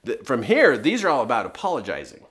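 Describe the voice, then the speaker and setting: Animated middle-aged man coaching parents. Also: medium pitch, fast. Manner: emphatic, with rhetorical questions. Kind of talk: motivational teaching talk.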